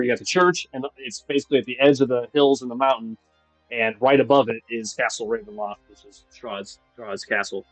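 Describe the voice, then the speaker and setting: A man running a tabletop game as game master, describing scenes at length with many pauses and restarts. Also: mid-range voice, no room sound, low-quality recording. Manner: descriptive, with frequent fillers and restarts. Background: faint music.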